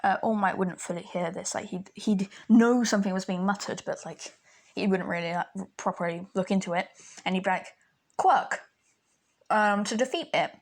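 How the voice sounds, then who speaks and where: A woman's voice: medium pitch, fairly even intonation, fairly quick, a little mellow. A woman telling a fan story in a casual, rambling way, full of fillers and restarts.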